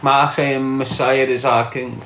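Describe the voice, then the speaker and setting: A man's voice: medium pitch, little pitch movement, unhurried, fairly bright tone, roomy sound, a little hiss or hum. Scouse man chatting to his livestream. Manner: chatty, greets commenters by name, local slang. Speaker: livestream host reading chat comments. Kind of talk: casual live chat.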